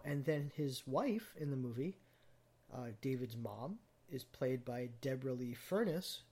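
Chatty husky-voiced man talking movies. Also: medium pitch, a little mellow. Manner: chatty, trivia-filled, many ums. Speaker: podcast host. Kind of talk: casual movie chat.

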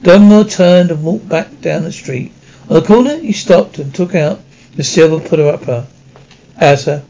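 A man reading a children's novel aloud as an amateur audiobook, halting, with frequent slips and restarts. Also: on the high side, gravelly, warm tone. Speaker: audiobook reader. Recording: dull lo-fi recording.

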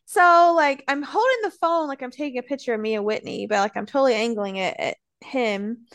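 A woman's voice: high-pitched, a little fast, a bit bright, no echo. A woman co-hosting a casual chat, telling a story in a chatty way, saying "like" a lot and laughing as she goes. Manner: chatty, lots of "like", laughs while telling stories. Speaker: podcast co-host.

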